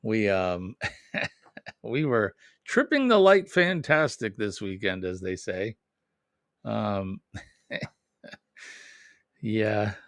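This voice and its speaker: A man hosts a relaxed live stream, talking in an unhurried, drawn-out way. His voice sits fairly low, and the sound is dry and close, with no room around it. He chats and jokes easily with his audience. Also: no room sound. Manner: chatty, reads out viewer comments and jokes with them. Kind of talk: casual live chat.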